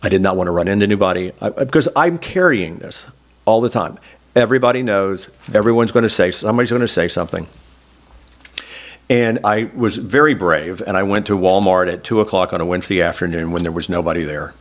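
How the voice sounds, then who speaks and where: A middle-aged former state senator from Oklahoma tells earnest, self-deprecating stories in a reflective oral history interview. His voice is deep and his delivery brisk.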